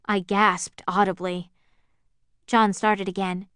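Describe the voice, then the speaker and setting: A woman narrating an audiobook in the first person, with a smooth, clear voice. She reads at an even, measured pace. The sound is dry and close. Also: medium pitch, no echo.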